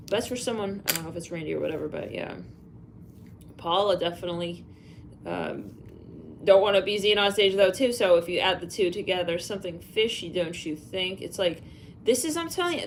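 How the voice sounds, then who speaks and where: A woman's voice: medium pitch, a little hiss or hum. Rambling woman psychic reader. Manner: rambling, musing aloud with sighs and fillers; spells out letters and names. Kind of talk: live psychic channeling.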